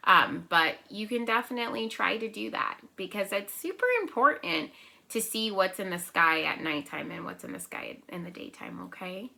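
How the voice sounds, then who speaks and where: With a medium-pitched voice, lively intonation and some vocal fry, this young preschool teacher runs a remote circle-time session for little kids. Her manner is gentle and encouraging; she frequently checks in with "right?" and counts and claps syllables slowly.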